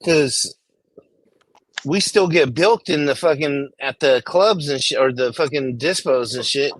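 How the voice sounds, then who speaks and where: A man's voice: mid-range voice, measured pace. A man hosting a casual chat among growers, loose and profane in his banter. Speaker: host.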